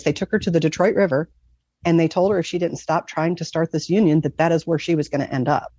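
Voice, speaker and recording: Warm and low-pitched, this Michigan woman in middle age talks a little fast with fairly even intonation. As a guest, she earnestly rambles through her near-death story, leaning on many fillers. The audio is dry, with the highs cut off.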